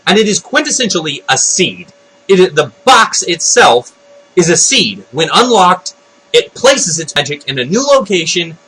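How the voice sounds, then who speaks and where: A man giving an unscripted, excitable rant about a cartoon episode, retelling it with loud exclamations. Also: a little high, slightly rough, low-quality recording. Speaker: video blogger. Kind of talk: unscripted ranting commentary.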